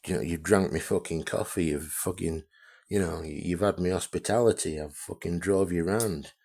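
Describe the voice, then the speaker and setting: Man with a very deep voice for a blunt, profane vlog rant. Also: normal speed, creaky, darkish tone. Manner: blunt, heavily profane, repetitive. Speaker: amateur radio vlogger. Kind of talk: ranting video monologue.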